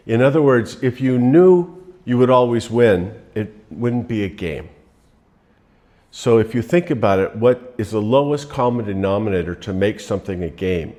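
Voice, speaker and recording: A man with a fairly low voice gives a motivational talk. His delivery is relaxed and rambling, with plenty of fillers. He leans on stories to make his points. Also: unhurried. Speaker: motivational speaker.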